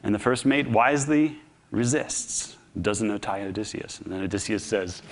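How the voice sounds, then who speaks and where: A man's voice: lowish voice, normal speed. Man giving a humorous storytelling talk. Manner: animated storytelling, humorous, conversational. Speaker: speaker. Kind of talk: public talk.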